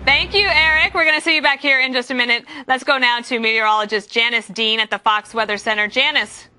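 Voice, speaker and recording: A woman's voice: on the high side, steady tone, fast talker, bright, forceful tone. A woman hosting a studio panel show, tossing to reporters with light teasing. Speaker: panel host.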